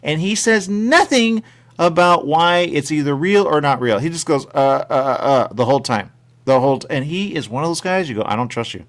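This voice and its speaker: A man's voice: on the high side, brisk. A male radio show host chatting casually and rambling, repeating his catchphrases. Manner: repetitive, animated, catchphrase-heavy. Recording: radio studio mic.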